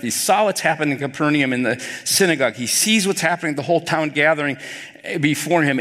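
Man preaching a sermon in a reverberant hall. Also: fairly high pitch. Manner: animated storytelling, acting out quoted dialogue. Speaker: pastor.

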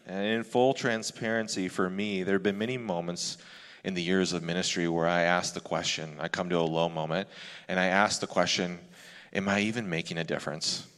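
A man's voice: low-pitched, fairly even intonation, moderate pace, fairly bright tone, smooth. A male pastor giving a sermon in a candid, conversational way, often restarting his sentences. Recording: long hall reverb.

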